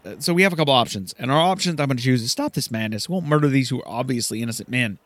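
Excitable male gamer, lively pitch. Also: rapid-fire, dry recording. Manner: casual, excitable, swears. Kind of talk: let's play commentary.

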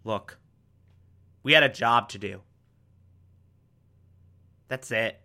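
A man's voice: sits high, sing-song, moderate pace, pushed and bright, pitched above the performer's own voice, full character voice. A man quoting a cornered male spy who stammers nervously while trying to talk his way out. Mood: resigned.

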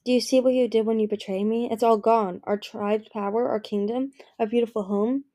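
Woman doing a sad pleading dragon guy from a book reading, voice goes up high when he begs. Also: fairly even intonation, fairly quick, warm tone, lightly acted. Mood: bitter. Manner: pleading, raised and emotional. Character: lonely grieving male dragon king, pleading, bitter. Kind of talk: audiobook reading.

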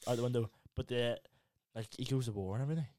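A man co-hosting a casual podcast chat, animated and getting loud and high when excited. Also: fast talker, a little hiss or hum. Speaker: podcast co-host.

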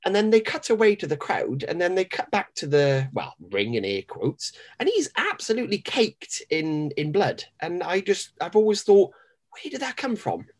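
A man's voice: sits high, very animated, normal speed, few pauses. A man co-hosting a podcast, chatting casually with a rambling, enthusiastic manner and frequent laughter. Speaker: podcast co-host. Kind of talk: casual chat.

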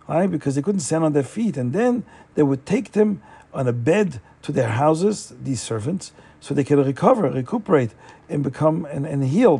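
Guy telling a story all casual, lots of fillers, raspy husky voice. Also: fairly high pitch, dark tone. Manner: chatty, with frequent fillers and restarts.

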